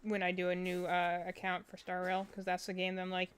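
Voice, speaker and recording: A young woman streamer chatting casually and softly into a close mic. Her voice is smooth and clear, and she often restarts her sentences as she goes. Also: fairly low pitch, completely flat delivery. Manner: soft-spoken, halting. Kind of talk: casual chat on a livestream.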